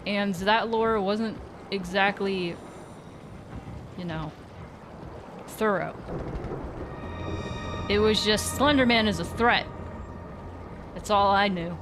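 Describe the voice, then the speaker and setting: Slow-talking woman gaming streamer, swearing. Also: mid-range voice, over music. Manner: sarcastic, swears a lot, mock-scared squeals. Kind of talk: casual let's-play commentary.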